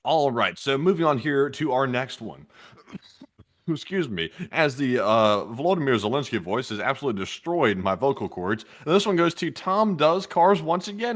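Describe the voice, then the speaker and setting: A man co-hosting a live stream in relaxed casual talk, chuckling and using slang like "bro". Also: medium pitch. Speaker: co-host.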